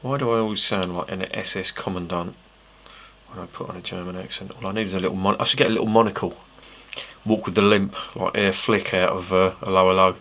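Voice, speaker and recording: A man's voice: low voice, steady tone, quick pace, a bit bright. An English man reviewing a beer on camera in a casual, rambling way, swearing freely and making self-mocking asides. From England.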